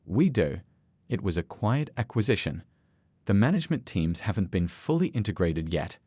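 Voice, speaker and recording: A man narrating a scripted story in a low voice. His pitch moves in lively rises and falls as he tells it. The sound is dry and close. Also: moderate pace, breathy edge, no room sound.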